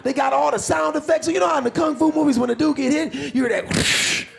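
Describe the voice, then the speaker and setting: A middle-aged male comedian doing a loud, animated stand-up set on a club stage, shouting punchlines. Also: very high-pitched, racing, gravelly. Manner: loud, animated delivery with frequent laughs and shouts. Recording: live club with crowd and noise.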